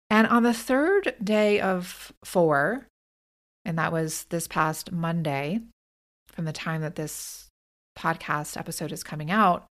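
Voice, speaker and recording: A woman hosting her own podcast, talking in an earnest, reflective way and often restarting her sentences. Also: on the low side. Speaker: podcast host and author. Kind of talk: personal reflective monologue.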